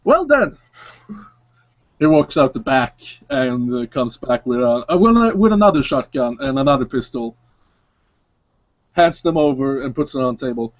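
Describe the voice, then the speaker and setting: A man running a tabletop role-play as game master, narrating in a casual, halting way. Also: mid-range voice, expressive, no room sound. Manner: casual, halting, with frequent fillers. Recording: dry, dull lo-fi sound.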